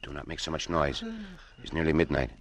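The Cisco Kid, a suave hero. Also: male voice, a bass voice, steady tone, fairly quick, slight background noise. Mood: urgent whisper. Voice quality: suave, commanding. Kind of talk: 1950s radio drama.

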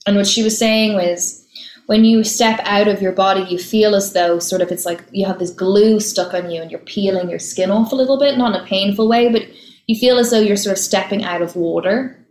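A woman, an actress being interviewed, chatting casually and telling stories quickly with easy laughs. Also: medium pitch, fairly even intonation, a little mellow, roomy sound, rough recording. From Ireland. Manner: chatty, laughs easily, fast storytelling.

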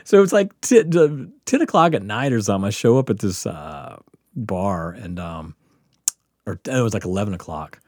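Podcast guest, man from the Gulf Coast: lively, profane storyteller, swooping pitch, dead-dry sound. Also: moderate pace, dry recording. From Mississippi Gulf Coast. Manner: animated, profane, laughing storyteller. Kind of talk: casual storytelling.

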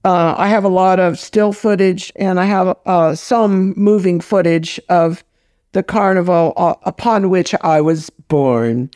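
A woman's voice: on the low side, measured pace, a little mellow, no echo, clean studio sound. An older woman film director, a guest in a casual interview, telling stories bluntly and with salty language. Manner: blunt, salty, storytelling with laughs.

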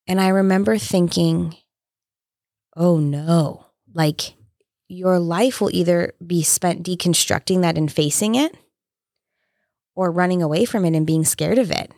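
Gravelly-voiced earnest woman telling stories. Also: fairly low pitch, darkish tone, dry recording, studio quality. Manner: earnest, storytelling, many "like" fillers. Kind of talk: casual conversation.

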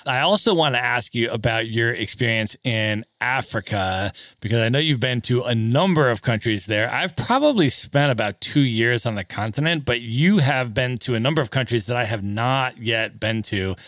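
A man's voice: mid-range voice, lively intonation, moderate pace, few pauses, fairly bright tone, dry recording. A man hosting a podcast, asking long, enthusiastic questions in casual chat. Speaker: podcast host. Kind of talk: casual interview.

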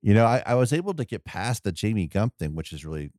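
A man's voice: lowish voice, big pitch swings, quick pace, darkish tone, dry recording, studio quality. A man co-hosting a podcast, chatting casually about a movie, rambling and restarting his thoughts. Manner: rambling, restarts mid-thought, laughs often. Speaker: podcast co-host.

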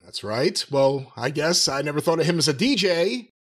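A man co-hosting a podcast, his voice high and very lively in pitch. He is wry and joking, and he keeps steering the casual chat onto the next topic. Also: normal speed, husky. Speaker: podcast co-host.

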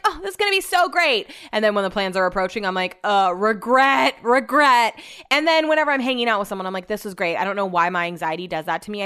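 A woman's voice: medium pitch, fairly bright tone, clear, resonant tone. A young woman hosting her own podcast, telling rambling, self-deprecating stories in a casual chat. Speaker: podcast host. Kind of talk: casual solo podcast monologue.

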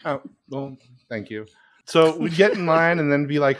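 A man's voice: on the high side, lively intonation, normal speed. A man hosting a casual podcast chat, telling an anecdote and mimicking the people in it. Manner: storytelling, mimics voices in his anecdotes.

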